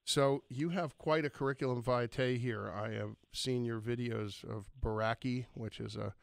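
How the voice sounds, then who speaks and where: Male radio host, gravelly and dry studio mic, jokey and self-mocking. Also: mid-range voice, steady tone, normal speed, no room sound. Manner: jokey, self-deprecating, with fillers. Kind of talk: casual radio interview. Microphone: studio microphone.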